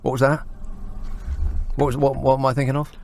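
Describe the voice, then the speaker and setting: A man's voice: mid-range voice, little pitch movement, fairly quick, vocal fry, a little mellow, a little hiss or hum. A man hosting a late-night phone-in radio show, talking in a sardonic, mocking way.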